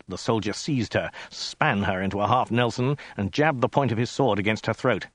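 A man reading a story aloud in a dry, deadpan narrating manner. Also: on the low side, moderate pace, hardly any pauses, no room sound. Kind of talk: scripted narration.

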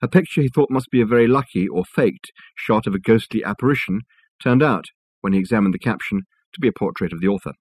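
A man narrating a novel as an audiobook, in a measured, wry storytelling manner on a close mic. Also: lowish voice, animated, darkish tone, breathy edge, no room sound.

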